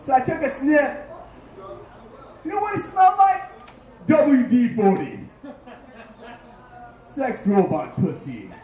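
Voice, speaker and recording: A male stand-up comic performs a crude storytelling set, his voice swinging widely in pitch at an unhurried pace. The sound is echoey and distant, as in a bar room, with faint noise behind. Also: big pitch swings, dark tone. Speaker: stand-up comedian. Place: dive bar stage.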